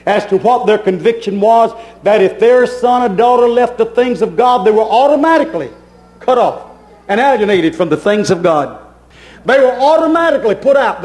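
A middle-aged man, preaching a fervent sermon as pastor, dropping suddenly quiet and then bursting out with emphasis. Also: high-pitched, low-quality recording.

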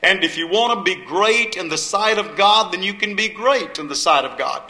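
High, bright preacher man. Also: normal speed. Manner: folksy storytelling, dramatic swings from shouted to hushed. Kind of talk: sermon. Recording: echoey room.

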